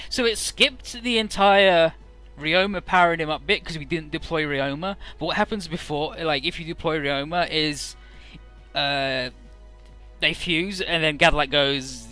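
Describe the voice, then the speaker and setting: A man's voice: on the high side, unhurried, bright, forceful tone, clean tone, soft background music. Loose, profane man commenting on a game. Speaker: let's player.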